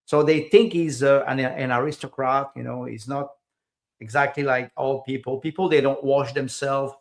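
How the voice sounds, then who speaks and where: A man's voice: medium pitch, fairly even intonation, moderate pace. A man speaking as a podcast guest in casual conversation, hesitant, with many fillers and repeated words, and small grammar slips of a second-language English speaker.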